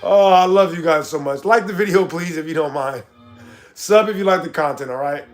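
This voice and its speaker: High-pitched guy chatting on a livestream, kinda mocking and pushy, soft music in the back. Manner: argumentative, mocking, drawn-out emphasis. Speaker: livestream host reading chat. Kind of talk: casual livestream chat.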